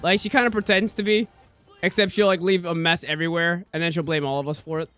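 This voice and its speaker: A man's voice: on the high side, fairly even intonation, fast, fairly bright tone, smooth, no echo, faint music behind. A young man streaming a game, ranting casually and swearing a lot as he acts out what people said to him. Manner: ranting, profane, mimics people he quotes. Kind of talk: casual rant while streaming.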